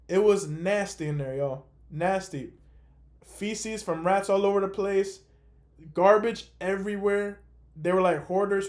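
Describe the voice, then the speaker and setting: High-voiced man telling a story. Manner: animated, chatty, lots of "like" and "man". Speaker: host. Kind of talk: casual storytelling on a call.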